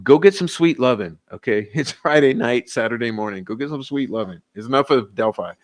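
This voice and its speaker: Brisk and animated, a medium-pitched livestream host says goodbye to his chat. A bit tipsy and given to giggles, he keeps cracking casual jokes and laughing.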